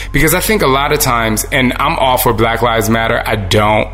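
A man talking in a casual, earnest monologue to his listeners, animated and full of restarts. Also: mid-range voice, moderate pace, hardly any pauses, soft background music.

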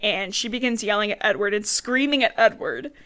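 A young woman with a mid-range voice and brisk delivery co-hosts a podcast, recapping a book in casual conversation. She's animated, swears, and performs characters' lines in her own voice.

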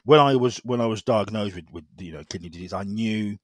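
A middle-aged man speaks as an interview guest in a very low voice. His talk is halting, full of repeated words and fillers. The sound is dry and close. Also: no echo. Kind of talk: personal story in conversation.

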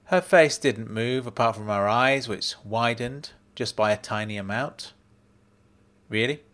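A man narrating a first-person story in a measured, matter-of-fact way. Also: medium pitch, a bit bright.

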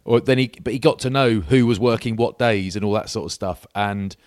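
A man's voice: on the low side, brisk, a little mellow, no echo, studio quality. A man in his forties co-hosting a podcast, telling rambling, self-mocking anecdotes in casual chat. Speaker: podcast co-host.

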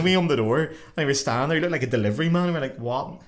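A young man hosts a podcast in loose, casual chat. He talks quickly and tells stories with lots of laughter, breaking into voices for the people he quotes. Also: mid-range voice. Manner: animated, laughing, swearing, acts out quotes. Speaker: podcast host.

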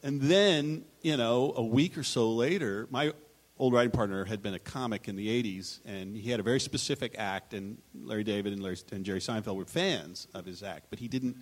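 A man's voice: on the low side, brisk. Man, writer on a festival panel, rambling anecdotes, restarts mid-sentence, acts out quotes.

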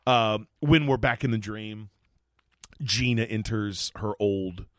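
A man co-hosting a podcast in casual chat, excitable, gasping, laughing and swearing as he talks. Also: on the low side, takes it slowly, no echo. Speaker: podcast co-host.

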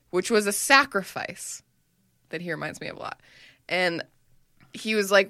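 A woman's voice: medium pitch, moderate pace, pauses often, pushed and bright, no echo, studio quality. A woman co-hosting a comedy podcast, teasing and bantering in casual chat. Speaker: podcast co-host.

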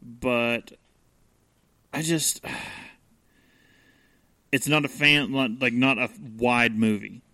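A man's voice: medium pitch, extremely slow, pauses often, pushed and bright, no room sound. Blunt man on a podcast. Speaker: podcast co-host. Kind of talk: casual chat.

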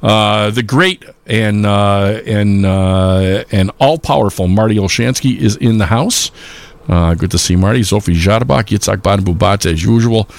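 A man's voice: on the low side, moderate pace, creaky, dry recording. A man hosting a live polka radio show, chatting casually and rambling with lots of filler sounds.

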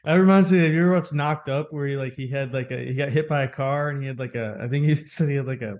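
A man's voice: mid-range voice, fast talker, a little mellow, dull audio. A young man co-hosting a podcast, swearing, joking and laughing through casual banter. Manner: profane, jokey, laughs often. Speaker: podcast co-host.

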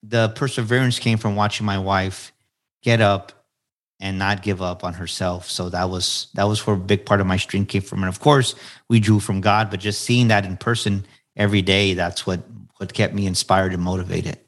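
A man's voice: deep voice, fairly even intonation, normal speed. A man in his forties, a podcast guest, telling his story in an earnest, motivational way and repeating phrases for emphasis. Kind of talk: candid storytelling interview answers.

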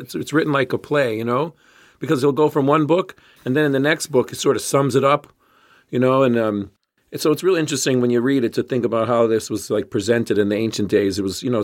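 Rambling man telling history. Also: mid-range voice. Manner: rambling, full of restarts and fillers, storytelling. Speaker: podcast co-host. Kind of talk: casual history podcast chat.

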